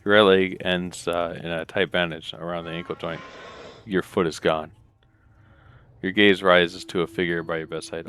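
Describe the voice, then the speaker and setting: Low-voiced, relaxed man narrating a game playthrough, reading game text aloud between muttered asides; clear tone. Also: normal speed, soft background music. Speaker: let's play gamer.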